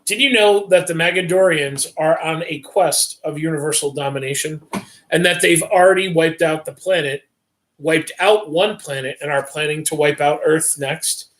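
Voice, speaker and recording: A man's voice: fairly high pitch, moderate pace, a bit bright, echoey room, lightly acted. A man reading a story aloud on a livestream, voicing an eager teenage boy who blurts out conspiracy tales.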